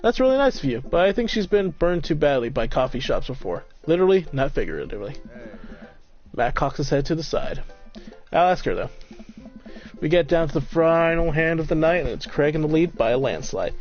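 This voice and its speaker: A man's voice: a little high, big pitch swings, a little fast. A man streaming, reading a dating game aloud with casual, joking asides. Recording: slightly muffled, faint game music.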